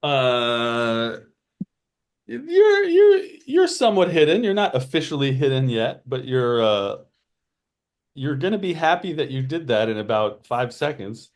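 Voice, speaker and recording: A man running a tabletop game as game master, unhurried and full of fillers. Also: medium pitch.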